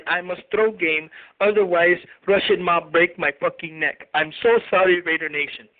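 A man's voice: high-pitched, steady tone, moderate pace, pitched below the performer's own voice, natural voice. A man on a phone call putting on a groveling kicker with a broken foreign accent. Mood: mock apology. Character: apologetic male kicker with a put-on Eastern European accent. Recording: tinny phone line.

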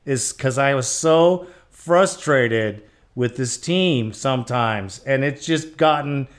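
A man's voice: medium pitch, slow pace. A man hosting a fan call-in podcast, answering callers in a casual, laid-back way. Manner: casual, laid-back, calls listeners bro. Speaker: podcast host.

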